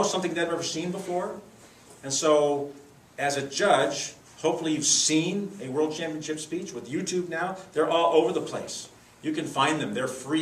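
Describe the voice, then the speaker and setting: A man trains speech contest judges, with a lively, demonstrative delivery. His voice sits fairly high for a man. It echoes around the room and is picked up from a distance, over a faint room hum. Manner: lively, demonstrative teaching with acted examples. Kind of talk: workshop lesson. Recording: echoey room, mic far off.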